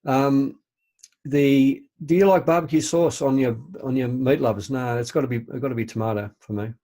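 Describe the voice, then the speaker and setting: A man's voice: mid-range voice, fairly even intonation, normal speed, warm tone. An older man co-hosting a podcast, chatting casually in a rambling, hesitant way and laughing easily. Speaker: podcast co-host. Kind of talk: casual chat.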